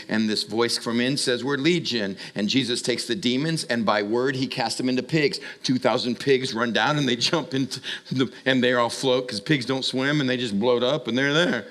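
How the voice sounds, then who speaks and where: Animated, storytelling male preacher. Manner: animated storytelling with comic asides; acts out voices with sudden high jumps. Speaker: young adult ministry preacher. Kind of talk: sermon.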